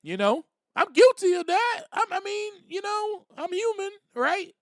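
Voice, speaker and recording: Animated high-voiced man, lively podcast host. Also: a little slow, no room sound, studio quality. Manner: animated, repeats phrases, acts out quotes. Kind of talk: personal recovery talk.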